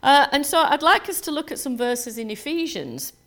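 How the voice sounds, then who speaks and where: A woman pastor giving a sermon to her church in a relaxed, conversational way, full of "you know" and "um". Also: high voice, moderate pace.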